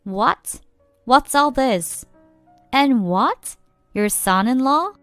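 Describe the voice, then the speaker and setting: A haughty, contemptuous mother-in-law sneers down at others, as a woman storyteller plays her. The sound is dry and close-miked over a faint music bed. Her voice is smooth and clear. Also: on the high side, expressive, normal speed, a little mellow, no echo, lightly acted. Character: snobbish rude mother-in-law, middle-aged woman, contemptuous.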